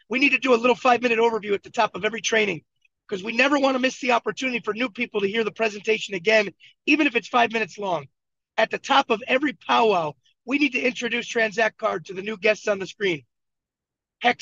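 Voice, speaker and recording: A man's voice: high voice, vocal fry, pushed and bright. A man from Buffalo, New York, leading a motivational coaching session and telling his story with emphatic repetition over a video call from a moving vehicle. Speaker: team leader and coach. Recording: dull lo-fi video call audio.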